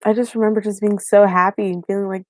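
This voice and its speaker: A woman's voice: medium pitch, flat delivery, fast, a little mellow, no room sound. A young woman from Haiti, a YouTube vlogger, telling a story in casual live-stream chat with fillers and laughs.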